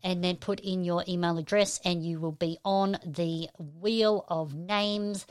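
A woman's voice: lowish voice, steady tone, a little slow, smooth, no room sound. An upbeat Australian woman hosting a live stream, chatting and greeting viewers one by one. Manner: upbeat, chatty, keeps saying how cool it is. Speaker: podcast host.

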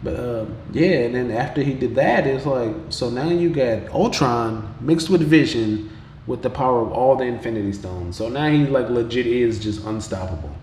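A man's voice: medium pitch, moderate pace, a little hiss or hum. A man hosting a podcast, casually recapping an episode in slangy, profane talk and acting out the characters' lines as he goes. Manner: slangy, profane, animated retelling with quoted voices. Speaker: podcast host. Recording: roomy echo with faint background ambience.

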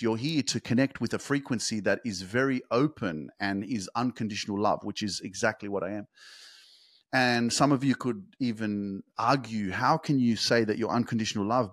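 A young man hosting a motivational podcast speaks directly to his listeners, swearing freely and building from plain talk to loud, fast, emphatic peaks. His voice is medium-pitched, with clean studio sound and no room sound.

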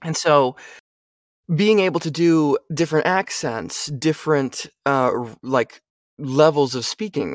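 A young American man talks shop as a voice actor in a relaxed interview. He chats loosely, checks in with the listener over and over, and sits close in a dry, dead-sounding space at an ordinary middle pitch. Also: moderate pace, no echo. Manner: chatty, asks "you know what I mean?" a lot. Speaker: voice actor and audiobook narrator. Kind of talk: casual interview chat.

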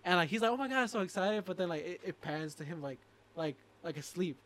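Young man, casual podcast chat, slangy, many "like"s, somewhat high pitch. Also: animated, quick pace, fairly bright tone. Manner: slangy storyteller, says "like" often. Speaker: podcast co-host.

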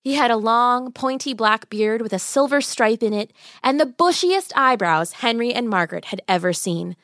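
A woman's voice: fairly high pitch, lively intonation, moderate pace, a bit bright, no room sound, studio quality. A woman reading a fairy tale aloud in a light, playful storytelling manner. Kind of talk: scripted narration.

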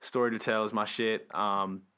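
A man hosting a casual podcast chat, laid-back and filling pauses with "like" and "um". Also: fairly low pitch, level tone, bright, forceful tone, clean tone. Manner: laid-back, many fillers like "like" and "um". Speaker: podcast host.

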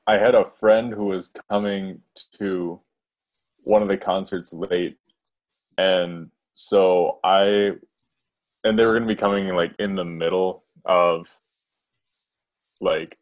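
A young man co-hosting a casual chat, telling a story hesitantly with many pauses. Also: low-pitched. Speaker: podcast co-host.

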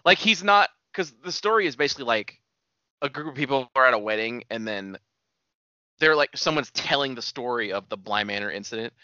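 A man in easygoing podcast conversation who swears casually and laughs easily. His voice is bright with lively pitch swings. He is recorded dry, with a slightly dull, muffled tone. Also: fairly quick, dry recording. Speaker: podcast co-host. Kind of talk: casual chat about TV.

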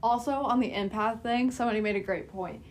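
A young woman with a slightly high voice tells stories in loose, filler-heavy casual chat. A faint background noise sits under her voice. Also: fairly even intonation, a little fast. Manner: rambling, filler-heavy storytelling. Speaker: podcast co-host.

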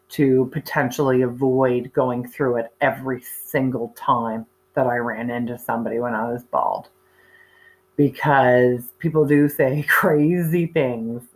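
Her voice sits extremely low, and the recording quality is poor. A woman of thirty to forty-something candidly recounts having cancer, chatting along with many fillers and restarted sentences.

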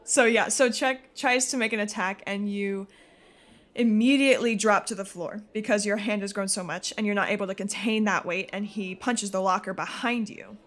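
A woman's voice: medium pitch, fairly even intonation, moderate pace, fairly bright tone. A woman narrating a tabletop role-playing game as game master, casual and laughing often.

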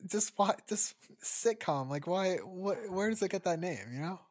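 Curious, animated male co-host. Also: sits high, unhurried. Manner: curious, questioning. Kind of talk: casual group chat.

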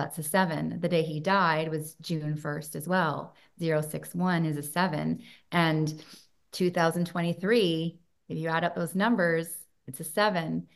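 A woman talking earnestly in an interview, telling personal stories with animated moments. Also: deep voice, gravelly. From Canada. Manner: earnest storytelling, animated when recounting signs. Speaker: guest.

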